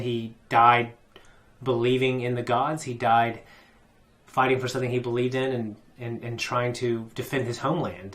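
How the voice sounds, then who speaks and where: A man's voice: mid-range voice, a bit bright. A man hosting a reaction channel, choked up and teary, rambling through an emotional episode recap with many restarts.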